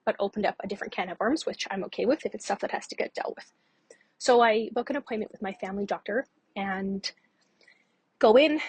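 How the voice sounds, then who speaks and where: Woman podcast host, conversational storyteller, slightly husky voice, dry close recording. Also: medium pitch, a bit bright, no echo. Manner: candid and conversational, frequent fillers. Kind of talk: personal storytelling monologue.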